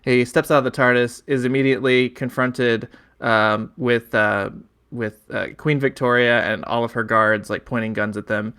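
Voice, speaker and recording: A man's voice: mid-range voice, fairly even intonation, moderate pace, pushed and bright, clean tone. A man co-hosting a casual podcast, recapping a TV episode with many fillers and small laughs. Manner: rambling, filler-heavy, chuckling recaps. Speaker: podcast co-host.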